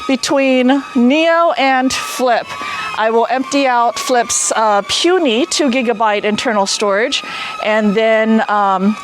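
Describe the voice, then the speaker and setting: A woman hosting a video, excitedly commenting outdoors as two small drones fly, giggling and fussing over them like pets. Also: high voice. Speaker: vlog host testing drones. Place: outdoors near a garage.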